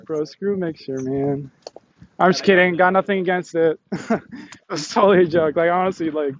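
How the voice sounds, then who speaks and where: Hyped young streamer, high voice. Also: male voice, highs cut off. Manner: hyped, laughing, talks to passersby. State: sweaty, out of breath. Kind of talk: walking livestream chat. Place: outdoors, on a campus. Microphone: phone on a selfie stick.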